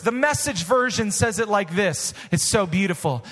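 A man preaching a sermon in a very high, bright, ringing voice. He stretches out scripture lines for weight, then swells into impassioned shouts. His voice carries with the long reverb of a large church sanctuary. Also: expressive. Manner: drawn-out emphatic reading of scripture. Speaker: pastor.

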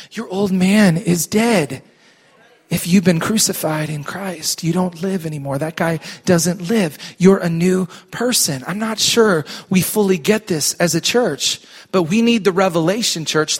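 A middle-aged male pastor preaching a sermon in church, emphatic and calling on the congregation to respond. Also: sits high.

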